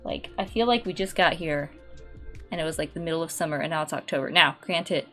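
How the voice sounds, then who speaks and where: A woman's voice: low-pitched, a little fast, fairly bright tone, faint music behind. A woman streamer chatting casually in a rambling, filler-heavy way while she paints.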